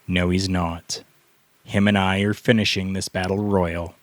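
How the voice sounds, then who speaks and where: A man voicing a stern veteran male wrestler who speaks in flat, clipped commands. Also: low-pitched, a little slow, no echo.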